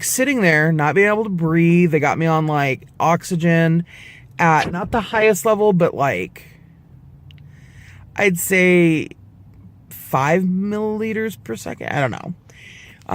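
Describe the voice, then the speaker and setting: A man in his twenties, voice a little high, vlogs to camera with a personal story. He's casual, animated and profane, acting out the people he quotes.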